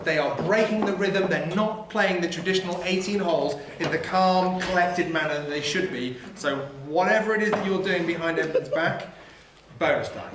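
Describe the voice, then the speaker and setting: Playful game master at a live con. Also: male voice, high voice, background noise. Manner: playful, quick, often laughing at the table. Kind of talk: narrating a live tabletop game. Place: live convention stage. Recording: echoey hall with crowd.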